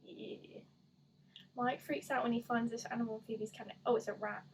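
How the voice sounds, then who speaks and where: A woman's voice: a little high, steady tone, fairly quick, a little hiss or hum, poor audio. An eighteen-year-old woman chatting casually while doing an online quiz, rambling and self-deprecating with lots of "like". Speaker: gaming YouTuber.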